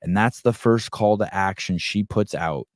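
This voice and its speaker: A man's voice: fairly low pitch, normal speed, no room sound, studio quality. A man hosting a podcast, retelling a story in a loose, rambling way with many restarts. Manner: rambling, restarts often, acts out quotes. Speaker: podcast host. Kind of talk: casual monologue.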